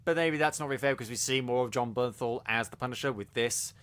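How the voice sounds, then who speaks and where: Co-hosting a laid-back review podcast, a man talks quickly in a smooth, slightly bright mid-range voice. His enthusiasm spills out in rambling speech thick with fillers and restarts.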